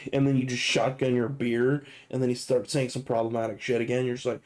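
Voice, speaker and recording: A man's voice: medium pitch, little pitch movement, fast talker, hardly any pauses, darkish tone. A young man hosting a gaming video, riffing in a rambling, profane, joking way. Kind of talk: casual comedic commentary.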